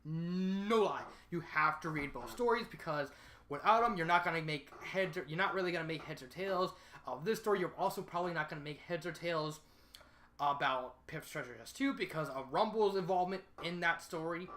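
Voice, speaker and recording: Speaking fairly quickly in a medium-pitched, fairly bright voice, a reviewer talks casually through a piece of fan fiction with slight background noise. The delivery wanders, with frequent self-corrections and points repeated for emphasis.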